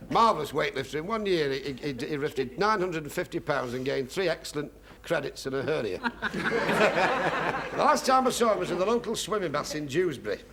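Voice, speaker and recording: A man, a comedian telling a long joke in a dry, deadpan way. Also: a little high, moderate pace. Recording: noisy 1970s TV studio recording.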